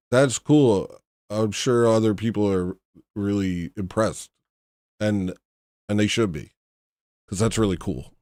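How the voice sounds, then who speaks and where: Male livestream host, lowish voice, close dry mic, sarcastic and weary. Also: unhurried, a little mellow, dry recording. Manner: sarcastic, exasperated, mocking. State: tired. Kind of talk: casual livestream talk.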